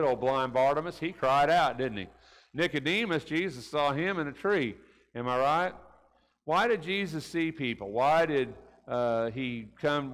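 A man teaching a conversational Bible class in church, in a folksy way, often tagging his points with questions like "right?" and "didn't he?". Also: medium pitch. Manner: folksy, keeps asking rhetorical tag questions. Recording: reverberant church room.

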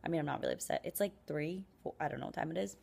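This young woman talks at a racing clip in a low, creaky, husky voice with a darkish tone. A college student vlogging from her apartment, she rambles casually to the camera, peppering her talk with "like" and self-mocking gripes.

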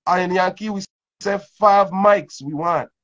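A man's voice: sits high, unhurried, fairly bright tone. A man hosting a casual interview, rambling and laid-back with lots of fillers. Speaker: host. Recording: dull lo-fi sound.

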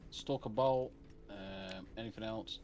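Man, lowish voice, blunt and sweary gaming banter. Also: unhurried, a little mellow. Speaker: co-op gamer. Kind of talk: casual gaming chat.

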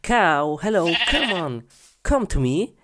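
A woman's voice: lowish voice, big pitch swings, slow pace, a bit bright, soft background music, exaggerated voice. A woman voicing a bumbling animal doctor in a cartoon, coaxing and speaking in broken phrases.

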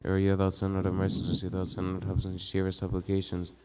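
A very deep-voiced man rattles through church prayers at speed, his voice almost flat on one note. Faint noise and clicks sit under his recitation from a church live stream. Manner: fast monotone chanting of prayers. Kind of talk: rapid liturgical recitation. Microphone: live stream mic.

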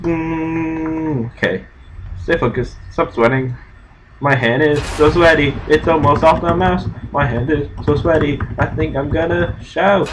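Man, jumpy let's-play self-talk, slow delivery, faint background noise. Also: a little high, rough recording. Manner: reads on-screen text aloud haltingly. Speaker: game streamer.

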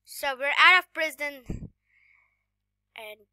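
A woman giving casual gameplay commentary while sick, coughing now and then, excitable and often dropping to a whisper. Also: high voice, a little slow, no room sound. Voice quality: voice sounds off today. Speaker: gaming YouTuber.

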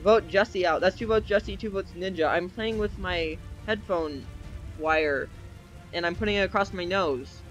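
High-voiced excitable young male gamer. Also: normal speed, highs cut off. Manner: excitable, yelps and cheers at game events, rambling asides. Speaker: gaming video creator. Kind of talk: let's play commentary. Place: at a desk at home. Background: faint game music.

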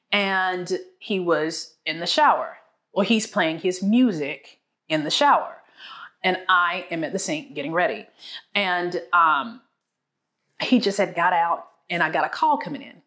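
This is a woman in her thirties talking on a lapel mic about her marriage. She speaks in a lively, animated way and acts out her own reactions with sudden high jumps in pitch. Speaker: guest on a marriage talk show. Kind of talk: candid storytelling talk.

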